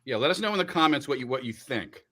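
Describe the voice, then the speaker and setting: A man's voice: medium pitch, quick pace. A man hosting a casual livestream from a radio studio, joking and talking while he eats. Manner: animated, joking, talks while eating. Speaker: radio host.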